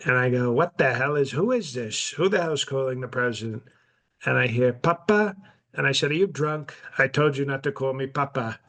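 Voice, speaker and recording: Brash old president, rambling and smug, delivered deadpan, played by a male comedian. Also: medium pitch, a little fast, close to an everyday voice. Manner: rambling, boastful, deadpan, with self-interruptions. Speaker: podcast host in character. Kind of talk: improvised comedy podcast.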